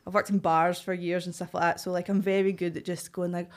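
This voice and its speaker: A woman's voice: lowish voice, fast. Glaswegian woman telling stories animatedly. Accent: Glaswegian Scottish. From Glasgow, Scotland. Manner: animated storytelling, acts out quoted voices. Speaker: podcast guest, actor and writer. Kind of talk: casual chat.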